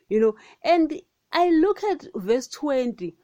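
Rambling woman with a mellow voice. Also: high-pitched, sing-song, slow pace, no room sound. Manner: rambling, fillers, addresses listeners as guys; emphatic rhetorical questions. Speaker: podcast host. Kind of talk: casual Bible teaching monologue.

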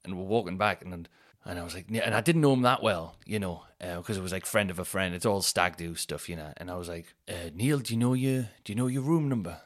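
A man spinning a loose, rambling anecdote on a podcast. His voice sits fairly low, and he stumbles into restarts while slipping into the voices of the people he quotes. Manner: rambling storyteller, quick restarts, acts out quotes. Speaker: podcast host. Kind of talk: casual anecdote telling.

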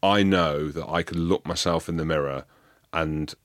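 Male host, 40s, deep voice, retired player, casual storyteller with tag questions. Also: moderate pace, dry recording, studio quality. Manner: swears freely, animated tag questions.

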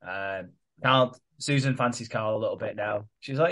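A man's voice: fairly low pitch, normal speed, fairly bright tone. A man co-hosting a podcast, recapping a soap storyline in a rambling, sweary way. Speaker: podcast co-host. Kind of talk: casual recap chat.

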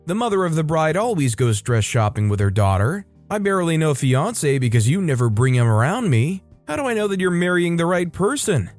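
A man's voice: a little high, sing-song, fairly quick, few pauses, faint music behind, voice pushed up. A man reading the lines of an entitled, defensive middle-aged mother who makes demands and pities herself. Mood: indignant.

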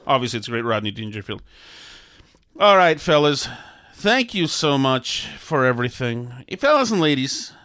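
A man's voice: mid-range voice, very animated, normal speed, fairly bright tone, no echo, clean studio sound. A man hosting a podcast in casual chat, joking and wry. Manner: joking, wry, easily amused. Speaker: podcast host.

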